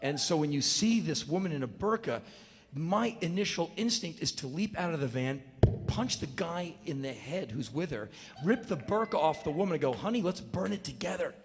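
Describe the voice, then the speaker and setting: Brief: sardonic male spoken word performer, slightly higher voice, long hall reverb. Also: lively intonation, normal speed. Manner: blunt, sardonic storytelling with sudden outbursts. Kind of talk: live spoken word monologue. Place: stage before an audience. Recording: live stage with long reverb.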